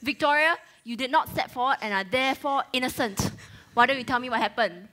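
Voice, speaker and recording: A woman's voice: sits high, brisk, pushed and bright. A woman playing a tired tutor in a student comedy skit. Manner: weary, mock-stern. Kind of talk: amateur comedy skit acting.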